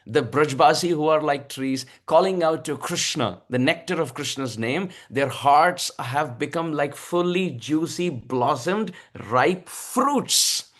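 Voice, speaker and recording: A man giving a devotional scripture discourse, expressive and drawn out, with frequent soft laughs. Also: a little high, slow pace, hardly any pauses. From India. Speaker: spiritual speaker.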